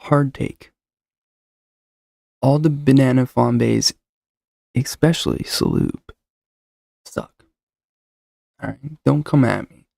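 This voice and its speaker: A man's voice: medium pitch, steady tone, takes it slowly, creaky, pauses often, a little mellow, no echo, clean studio sound. A man hosting his own show, chatting casually into a desk mic, rambling and joking as he goes. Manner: rambling, joking, talks over himself. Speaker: show host. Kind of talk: casual solo podcast chat. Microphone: desk mic with noise suppressor.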